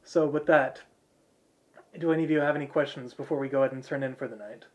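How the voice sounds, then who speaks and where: A man voicing a weary middle-aged local father, explaining calmly and matter-of-factly. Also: mid-range voice, fast, natural voice.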